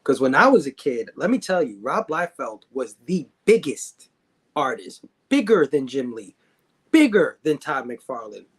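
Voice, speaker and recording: A man's voice: medium pitch, very animated, measured pace, slightly rough. Laid-back male podcast guest. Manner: laid-back, agreeable, frequent "yeah" and laughter. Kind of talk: casual conversation.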